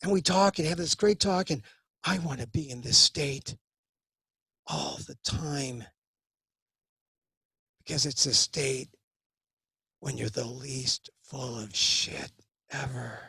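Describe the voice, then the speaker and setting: A man's voice: medium pitch, slow pace, gravelly, pauses often, pushed and bright, breathy edge, dry recording, studio quality. A middle-aged man performing a wry, confiding comic solo monologue from his closet at home into a webcam.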